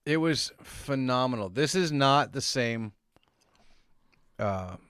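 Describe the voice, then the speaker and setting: Easygoing young man, animated and casual. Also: medium pitch, takes it slowly, clear, resonant tone, no room sound, studio quality. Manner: animated storyteller, swears casually. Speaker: podcast co-host. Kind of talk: casual chat.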